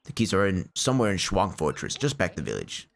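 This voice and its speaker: A man voicing a gruff villager giving directions in a low, instructive tone. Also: big pitch swings, fairly quick, slight background noise, exaggerated voice.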